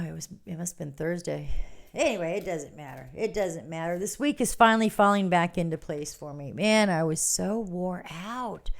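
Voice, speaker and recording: A woman's voice: lowish voice, gravelly. A woman hosting a casual morning livestream, telling a story to her viewers and laughing often as she talks. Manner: chatty and animated, laughs often, reads out viewer comments. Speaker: livestream host. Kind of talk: casual storytelling to a live audience.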